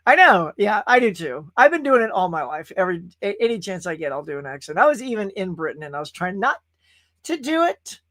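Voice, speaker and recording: A man's voice: high voice, a bit bright, dry recording, clean studio sound. A man from California, host of a casual live-stream show, talking in a rambling, chatty way and reading viewers' comments aloud. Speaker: podcast host.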